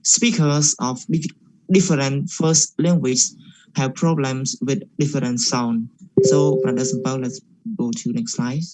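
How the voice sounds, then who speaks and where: A young man presents his part of a class project, moving haltingly through his points with frequent pauses and fillers. His voice sits at an average pitch for a man. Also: fairly even intonation, mellow, a little hiss or hum, poor audio. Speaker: student presenter.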